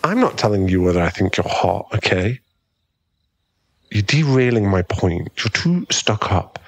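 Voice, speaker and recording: A man's voice: fairly low pitch, big pitch swings, measured pace, exaggerated voice. A man voicing a cocky, mocking young male bully in a whispered role-play, with a smug, drawling manner close to the mic. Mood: teasing. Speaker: ASMR roleplay performer.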